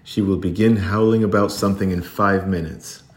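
A man with a deep voice voicing a spiteful, scornful schoolgirl in a storybook reading, in an echoey room. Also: steady tone, normal speed, a little mellow, close to an everyday voice. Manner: sneering, mocking.

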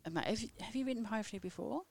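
A woman hosting live radio who talks in a hesitant, moved way, with fillers and soft restarts. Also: a little high, lively intonation, rapid-fire. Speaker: radio host. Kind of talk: casual live radio chat. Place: radio studio.

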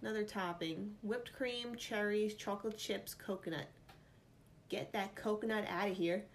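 Her voice is medium-pitched and gravelly, at a normal speed, with a little hiss or hum in the audio. A New York woman chatting casually in a vlog, she playfully reads quiz options and thinks out loud.

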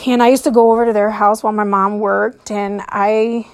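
Woman podcast host, solo story monologue, halting, nervous, a little breathless, mid-pitched. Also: level tone. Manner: hesitant, with frequent pauses and fillers.

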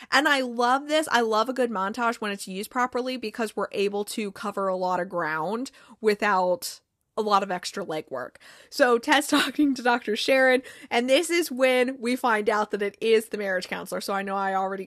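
A chatty young woman talks through an episode recap, lively and a little profane, slipping into playful voices when she quotes characters. Her voice sits fairly high and the sound is dry and close, with no room echo. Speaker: podcast host recapping a TV episode. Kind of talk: casual chat.

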